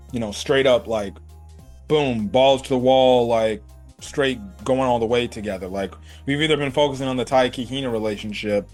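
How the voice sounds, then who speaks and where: A man chatting casually as he reviews an episode, rambling and animated, filling his talk with "like" and "you know". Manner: animated, jumps between high and low pitch. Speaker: anime reviewer.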